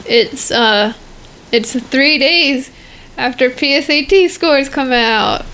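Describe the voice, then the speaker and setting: A teenage girl co-hosting a casual podcast, joking and quickly correcting herself. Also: high-pitched, pushed and bright, poor audio. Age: teens. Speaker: podcast co-host. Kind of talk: casual chat.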